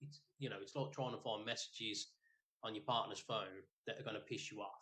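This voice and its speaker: A man's voice: fairly low pitch, a little fast. A man, co-hosting a podcast and telling a rambling, sweary story in casual chat. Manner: rambling, sweary, animated retelling. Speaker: podcast co-host.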